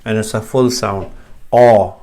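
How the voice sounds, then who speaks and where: Speaking slowly in a fairly low, creaky, slightly mellow voice, a man walks through Arabic letter sounds. He demonstrates each carefully and patiently, fixing his own mistakes as he goes.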